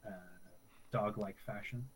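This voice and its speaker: A fairly low-voiced man narrates what his character does in a tabletop game. He hesitates often and restarts his sentences, with a faint hiss of noise behind him. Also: flat delivery, measured pace. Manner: hesitant, full of fillers and restarts. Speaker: player.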